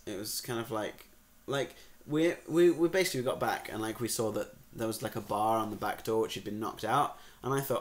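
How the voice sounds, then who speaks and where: A young man hosting a casual podcast chat, relaxed and hesitant with lots of fillers. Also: fairly low pitch, brisk, hardly any pauses. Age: young adult. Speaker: podcast host. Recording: faint background noise.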